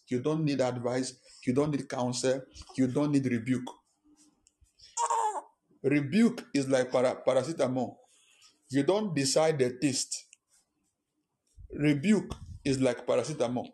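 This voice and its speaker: A man's voice: mid-range voice, a little mellow. A man preaching a sermon as pastor, emphatic, repeating key lines and firing rhetorical questions at the congregation. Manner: fires rhetorical questions at listeners.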